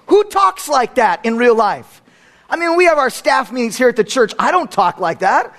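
A man's voice: very high-pitched, very animated, moderate pace, a bit bright. A man preaching a sermon as a pastor, emphatic and fond of repeating phrases for effect.

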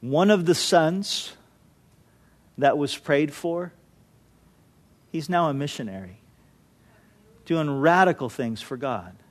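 A man's voice: a little high, slow, long pauses. A man preaching an earnest, impassioned sermon, building through repeated phrases. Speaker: pastor.

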